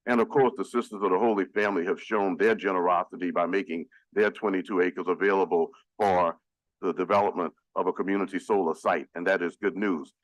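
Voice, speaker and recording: A man speaking as a city council member, addressing the chamber in an earnest, emphatic, measured way. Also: low voice, steady tone, no echo, rough recording. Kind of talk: formal public speech at a council meeting.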